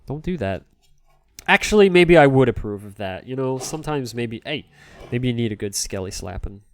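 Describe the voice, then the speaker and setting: A man's voice: mid-range voice, animated, fairly quick, clean tone, dry recording. A man streaming live as he cleans a game console, rambling in a jokey way and answering chat.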